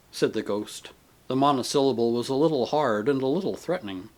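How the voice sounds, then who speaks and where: A man reading an audiobook as narrator in a measured, expressive way. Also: mid-range voice. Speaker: audiobook reader. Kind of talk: scripted narration.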